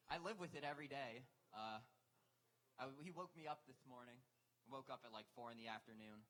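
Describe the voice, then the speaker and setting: A young man doing a live stand-up set on a club stage, deadpan and self-deprecating. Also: mid-range voice, a little fast, rough recording. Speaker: stand-up comic.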